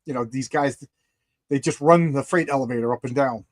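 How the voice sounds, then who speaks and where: A man's voice: medium pitch, a little fast. A man in casual chat, telling rambling anecdotes and acting out the people in them. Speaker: podcast host, comic artist.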